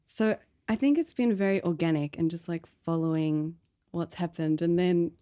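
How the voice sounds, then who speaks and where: Chatty low-voiced woman telling her story. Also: moderate pace, dark tone. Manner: chatty storyteller, frequent "like" fillers. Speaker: podcast founder being interviewed. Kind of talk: casual podcast conversation.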